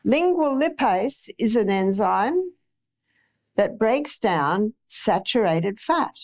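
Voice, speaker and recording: A woman's voice: mid-range voice, sing-song, slow, a little mellow. An Australian woman lecturing an audience on health in a chatty way, repeating phrases for emphasis. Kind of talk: live talk to an audience.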